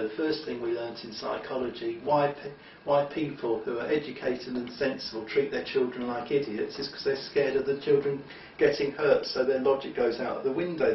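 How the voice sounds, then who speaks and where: A man's voice: medium pitch, slight background noise. Opinionated man in a roomy echo. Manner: opinionated, emphatic, rambling with restarts. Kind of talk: monologue talk. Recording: roomy, distant, dull lo-fi.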